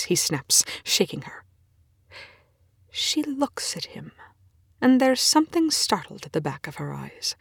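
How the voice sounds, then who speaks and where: A woman reading a fan story aloud, expressive and often dropping into whispers, with casual swearing. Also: deep voice, moderate pace, vocal fry, husky, no echo, clean studio sound. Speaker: reader. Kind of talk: fan fiction read aloud.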